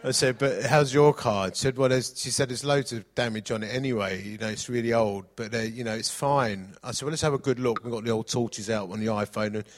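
A man's voice: mid-range voice, fairly quick, hardly any pauses. A middle-aged man preaching a sermon, mixing jokey anecdotes with scripture reading.

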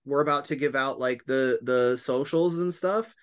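A man's voice: medium pitch, moderate pace, clear, resonant tone. A man hosting a podcast in casual chat, rambling and laughing often. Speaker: podcast host.

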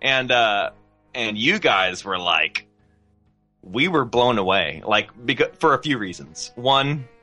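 A man's voice: medium pitch, very animated, slow, bright, forceful tone. A man in his forties from the American South, chatting casually about his music days, rambling with restarts and frequent laughs. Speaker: guest musician. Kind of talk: casual conversation.

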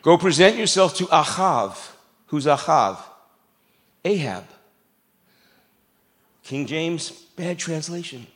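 A man's voice: on the high side, expressive, a little slow, fairly bright tone. A middle-aged man preaching a sermon in a church, in a conversational, joking way with asides to the congregation. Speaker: pastor. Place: church sanctuary.

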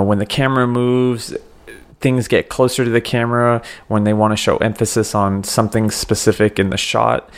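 A man co-hosting a film podcast, talking casually and explaining camera work at length, with the odd swear word. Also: fairly low pitch. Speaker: podcast co-host. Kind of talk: casual chat about a film.

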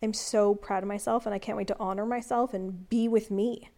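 A woman vlogger telling a personal story in an earnest, confiding and reflective way, dropping to a calm hush when she quotes herself. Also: medium pitch, fairly quick.

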